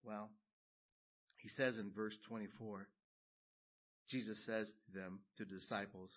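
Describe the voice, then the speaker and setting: A man preaching a sermon, building to loud emphatic peaks and then dropping low and quiet. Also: steady tone, a little slow, pauses often. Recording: dull lo-fi sound.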